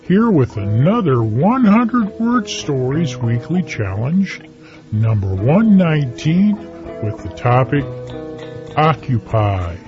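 A man voicing a jovial male alien who greets listeners and reads his own short story. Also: mid-range voice. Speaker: podcast contributor reading his story. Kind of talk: performed story reading. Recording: muffled lo-fi with guitar music.

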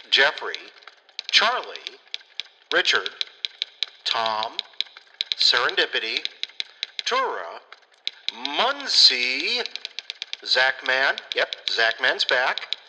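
A man hosts a casual solo podcast, rambling and blunt with plenty of swearing and fillers. He talks slowly at an ordinary pitch. The room rings with a long echo and clear background noise. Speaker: podcast host.

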